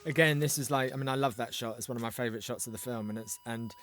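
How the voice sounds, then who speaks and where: A man's voice: medium pitch, fast, a bit bright, slight background noise. A man, a film director, talking reflectively through an audio commentary with some restarts. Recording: commentary over film soundtrack.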